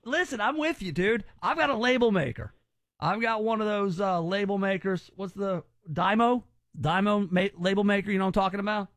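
A male radio host with a high voice, joking and teasing his callers. He rambles in loose, casual banter and keeps the show moving. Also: brisk, fairly bright tone, dry recording.

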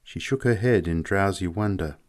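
A man narrating a novel in a measured, expressive audiobook reading. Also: low-pitched.

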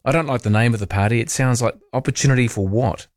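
A man's voice: medium pitch, fast, no echo. A man hosting talkback radio, chatty and opinionated, musing aloud with playful asides.

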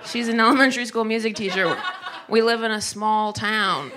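A woman's voice: fairly high pitch, fairly even intonation, moderate pace, noisy background. A woman performing stand-up on stage with a dry, self-mocking delivery. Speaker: stand-up comedian. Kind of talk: stand-up comedy set. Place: comedy club stage.

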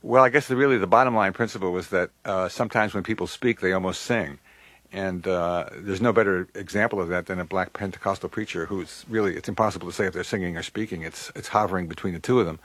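A man in his sixties answering interview questions about his work, reflective and unhurried, pausing often. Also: sits low, a bit bright, husky, dry recording. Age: 60s. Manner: reflective, many pauses and uh fillers. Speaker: composer, interview guest.

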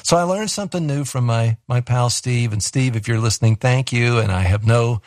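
A man hosts a call-in radio show in a relaxed, chatty way and tosses in chuckling asides. His voice sits at an ordinary middle pitch. It sounds dry and close, with no room around it. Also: moderate pace, dry recording. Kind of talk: casual call-in radio talk.

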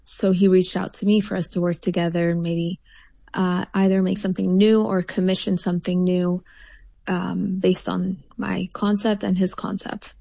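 Woman artist, interview guest, low gravelly voice, mellow tone, thoughtful with many fillers. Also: flat delivery, normal speed, no echo. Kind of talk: interview answers.

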